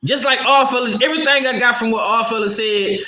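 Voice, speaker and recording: A man's voice: extremely high pitch, quick pace, bright, forceful tone. A man on a panel talking bluntly and profanely in a heated casual chat, in an echoey room. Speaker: podcast panelist.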